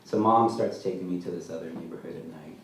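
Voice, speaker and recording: A man as an author at a live literary reading, telling his story in a dry, deadpan way, recorded from far off in a large hall. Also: sits low, fast. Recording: echoey hall, mic far off, faint noise.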